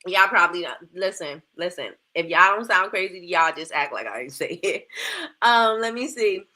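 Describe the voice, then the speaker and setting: With a fairly low, sharp voice, lively intonation, and a normal pace, a woman runs a casual livestream. She coaches viewers in a chatty way, repeating phrases and firing off rhetorical questions, her mouth dry because of a new retainer.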